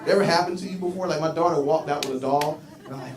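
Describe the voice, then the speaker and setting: A high-pitched man doing stand-up, telling his stories with lively energy and slipping into voices for the people in them. His voice comes from some distance off the mic, and the room carries a noticeable echo. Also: rapid-fire, a crowd in the background. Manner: animated storytelling, voicing characters in his bits. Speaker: stand-up comedian. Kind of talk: stand-up comedy set. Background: audience laughter.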